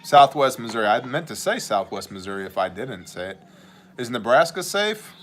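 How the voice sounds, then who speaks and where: A man hosts a casual livestream, answering viewer messages as they scroll by. His voice is bright and forward. He jokes, rambles and slips into mock voices. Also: mid-range voice, sing-song, moderate pace, slight background noise. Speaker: livestream host and ministry leader.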